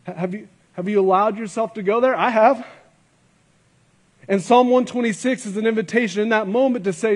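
A man's voice: sits high, normal speed. A man, a guest pastor, preaching a sermon at a church service, earnest and emphatic, asking rhetorical questions and repeating phrases for weight.

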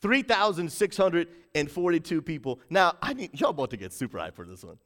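Man, preacher, high voice, bright edge, hype-building, livestream church talk. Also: very animated, a little fast, big-room sound. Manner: hype-building, call-and-response with chat; rises to shouting in bursts, drops low to stress points. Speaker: pastor.

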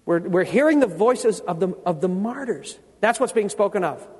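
A man with a strikingly high voice preaches a sermon, stopping often to quiz his congregation with questions. He repeats key words slowly to stress them. His voice carries a long reverb, as if it fills a big church sanctuary. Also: expressive, darkish tone, husky. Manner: teaching, quizzes the congregation with questions.

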